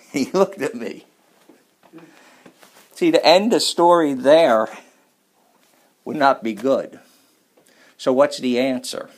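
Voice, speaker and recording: Gravelly-voiced man preaching with folksy humor. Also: mid-range voice. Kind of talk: sermon with storytelling.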